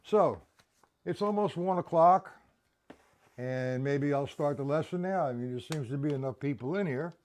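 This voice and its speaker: A man's voice: fairly high pitch, normal speed, a little mellow. A man teaching a live-streamed drum lesson, counting beats aloud and checking in with viewers.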